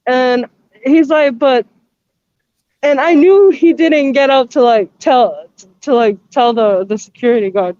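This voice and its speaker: A woman's voice: sits high, unhurried, a little mellow, no room sound, highs cut off. A young woman in a casual chat, giggly and slangy as she tells stories.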